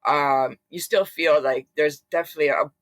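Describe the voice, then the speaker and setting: A woman's voice: low voice, normal speed, dry recording. A woman from Philadelphia, a guest on an interview, talks casually and animatedly, full of fillers and restarts and acting out what others said. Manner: animated, acts out quoted voices. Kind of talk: casual storytelling.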